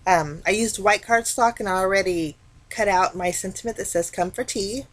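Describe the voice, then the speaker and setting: A woman talking casually through a card-making tutorial, explaining each step in a relaxed, chatty way. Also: medium pitch, moderate pace. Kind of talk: casual craft tutorial narration.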